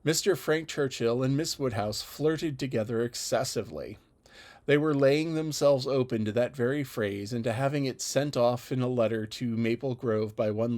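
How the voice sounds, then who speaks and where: A man reading a classic novel aloud as an audiobook narrator, measured and even. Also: medium pitch. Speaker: audiobook reader.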